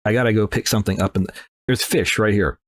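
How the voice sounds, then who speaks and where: A man's voice: on the low side, fairly even intonation, fast talker, dry recording, clean studio sound. A man casually commenting while he plays a horror game, rambling and joking with himself and talking back at the game. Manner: rambling, self-mocking, talks to the game. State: slightly nasal after sneezing. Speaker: let's play host.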